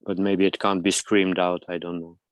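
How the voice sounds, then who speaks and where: A man with a very low voice speaks haltingly in an online group meeting. He stammers and breaks off mid-sentence, and his delivery stays flat. The sound is dry and close. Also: dry recording. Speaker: meeting participant.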